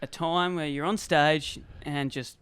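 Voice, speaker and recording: Man, Australian accent, fairly high voice, dry close sound, chatty host. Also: steady tone, fairly bright tone, clean tone, no room sound. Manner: chatty, quick to laugh along. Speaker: podcast host. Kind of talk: casual interview chat.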